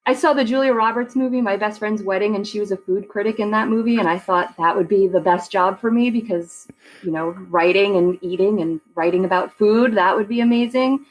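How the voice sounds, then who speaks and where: A woman's voice: mid-range voice, a little fast, low-quality recording. Chatty woman guest, laughs easily. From Long Island, New York. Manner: chatty, laughs easily, many "you know" fillers. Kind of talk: casual interview chat.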